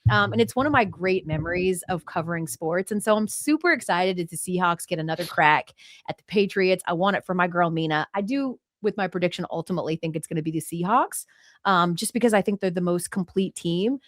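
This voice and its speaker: Woman sports anchor, podcast guest, animated storyteller, dry close sound. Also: fairly low pitch, a little fast, no room sound. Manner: lively storyteller, acts out quotes. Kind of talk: casual interview chat.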